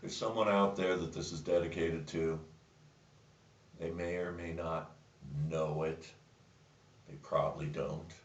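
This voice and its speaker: Slow-talking man, distant and roomy. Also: low-pitched, steady tone. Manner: rambling, with frequent restarts and fillers. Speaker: show host. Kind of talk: casual chat and joke telling. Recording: roomy, distant, muffled sound.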